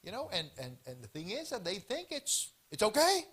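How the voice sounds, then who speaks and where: A man's voice: high voice, moderate pace, husky. A man giving an informal health seminar talk at a church event, storytelling with lots of expression and acted-out bits. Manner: animated storytelling with acted-out voices.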